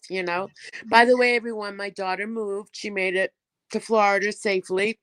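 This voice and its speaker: A woman's voice: medium pitch, fairly even intonation, moderate pace, a bit bright, clear, resonant tone, poor audio. A woman in casual chat, easygoing, often quoting her daughter.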